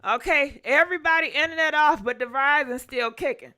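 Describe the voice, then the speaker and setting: A woman hosting a casual gossip livestream, animated and profane, talking straight to her viewers. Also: sits high, fairly quick.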